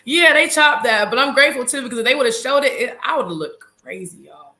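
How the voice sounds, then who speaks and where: Bright-voiced woman telling a dramatic story. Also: high-pitched, fast. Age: 30s. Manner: animated, dramatic, addresses audience as y'all. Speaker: reality show cast member, guest; nurse. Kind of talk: casual interview storytelling.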